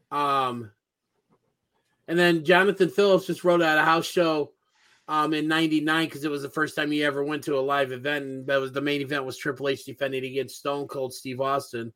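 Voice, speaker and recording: A man's voice: on the high side, a bit bright. A man co-hosting a casual podcast, reading out listener answers with lots of fillers. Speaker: podcast co-host. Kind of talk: casual chat.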